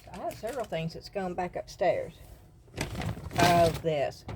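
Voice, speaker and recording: A woman with a Southern US accent chatting casually about craft finds, excited about bargains and rambling into little asides. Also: on the low side, unhurried, pauses often, slight background noise. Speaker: craft vlogger. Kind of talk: casual haul and craft chat.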